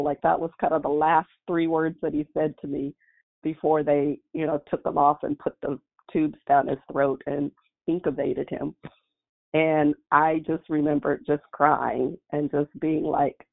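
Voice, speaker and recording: Woman guest giving a heartfelt faith testimony, gravelly tone, heard over a tinny call-in line. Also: low-pitched, fairly even intonation, unhurried. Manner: earnest, heartfelt storytelling.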